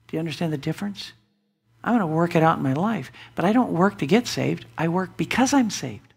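A male pastor delivers a sermon in a church. He preaches emphatically, rising to loud declarations and dropping to hushed asides. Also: high-pitched, animated, moderate pace, creaky, slightly rough. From United States. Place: church sanctuary.

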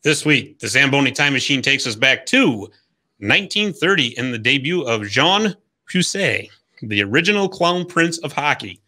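A man's voice: mid-range voice, big pitch swings, moderate pace, sharp tone. A man hosting a hockey podcast, reading a scripted history segment in an upbeat, jokey storytelling way. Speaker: podcast host.

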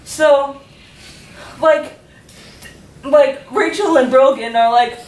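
A woman's voice: high-pitched, slow, darkish tone. A teenage girl giving a chatty personal faith testimony to her youth group, with many "like"s and frequent laughter. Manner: chatty, filled with "like", laughing often. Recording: echoey room, faint ambience, from far off.

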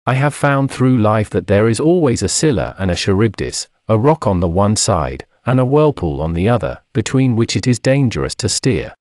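A man reading an old sermon aloud in a solemn, measured preaching cadence. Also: lowish voice, very animated, darkish tone, no room sound, clean studio sound. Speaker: sermon reader.

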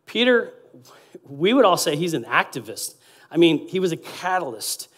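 A man preaching as a guest pastor, lively, acting out quotes and swinging between loud and quiet passages. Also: fairly high pitch, moderate pace. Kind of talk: sermon.

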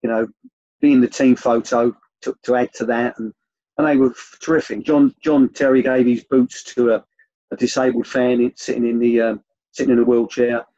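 Older guy telling long rambly stories, husky voice, bit dull lo-fi sound. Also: mid-range voice, little pitch movement, normal speed, warm tone, no echo. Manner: rambling storyteller with many restarts. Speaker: former youth academy coach, guest. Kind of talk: relaxed anecdotal interview.

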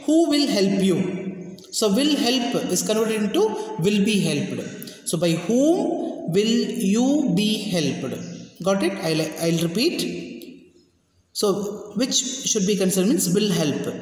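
Slow, lively teacher in an echoey room. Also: mid-range voice. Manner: drills examples, often checks understanding. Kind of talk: grammar lesson. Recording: very echoey room with long reverb.

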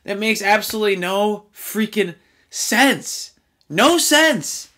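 A man's voice: high voice, expressive, slow pace, bright, forceful tone. A man hosting a casual film review, talking in an exasperated, rambling way with fillers and restarts.

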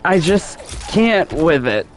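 A man giving live gameplay commentary in a fairly high, animated voice that swoops up and down. He talks slowly, sounds exasperated and repeats himself, speaking to himself and his chat. Game music plays faintly behind him. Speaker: gaming streamer.

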